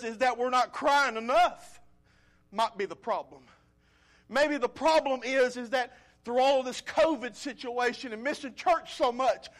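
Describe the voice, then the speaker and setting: A male pastor preaching a sermon, swinging from loud pleading appeals to quiet, low storytelling.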